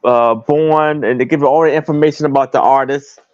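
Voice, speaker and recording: A man's voice: mid-range voice, fairly even intonation, brisk, dry recording, highs cut off. A man selling items on a live stream, describing them plainly with hesitations. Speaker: guest seller. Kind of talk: casual sales pitch.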